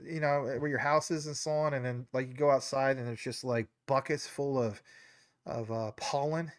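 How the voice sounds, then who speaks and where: A man's voice: medium pitch, steady tone, moderate pace, no room sound, studio quality. A man hosting a live stream, talking in a rambling, casual way with lots of fillers, his nose a bit stuffy. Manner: rambling, many fillers and tangents. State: stuffy nose, a little choked up. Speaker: livestream host.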